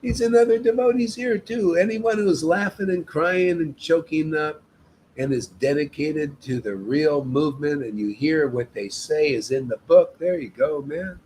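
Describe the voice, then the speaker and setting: A man giving a loose, exhorting spiritual talk at a devotional gathering, pressing his listeners with emphatic, repeated calls. His voice sits a little high for a man. A faint hiss runs under the recording. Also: normal speed, a little mellow, low-quality recording. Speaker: devotional meetup leader.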